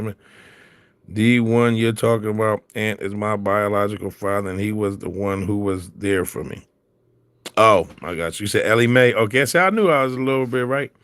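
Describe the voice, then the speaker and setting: A man's voice: on the low side, fairly bright tone, dry recording. A man in casual chat, telling stories in slang and laughing often. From Philadelphia.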